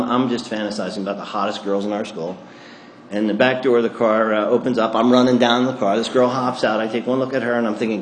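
A man's voice: lowish voice, echoey room, a little hiss or hum. A man telling a self-mocking story about his drinking to an audience, acting out his own thoughts. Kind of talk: comic storytelling talk to an audience.

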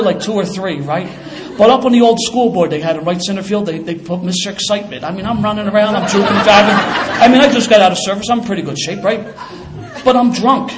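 An older man tells his story fast, in a casual, streetwise way. His voice sits a little high for a man. Faint room sound runs underneath. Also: a little hiss or hum. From Philadelphia. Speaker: former police officer. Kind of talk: personal storytelling.

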